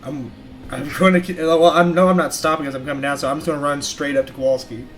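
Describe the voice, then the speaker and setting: A man's voice: a little high, fairly even intonation, fast talker, a bit bright, faint music behind. A man playing a tabletop game, blunt and joking, with casual swearing. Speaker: player.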